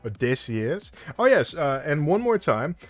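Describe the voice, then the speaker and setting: Man, casual stream host, jokey, animated pitch, faint background music. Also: a little slow. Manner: jokey, laughs often, slips into a hyped wrestling-announcer voice. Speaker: co-host running a giveaway. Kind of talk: casual livestream chat.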